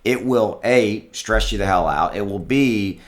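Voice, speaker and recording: Measured in pace and fairly low in pitch, this man is a crypto YouTuber offering casual investing advice to camera from his home with dogs. He talks loosely with many restarts and repeated words, calling his viewers guys.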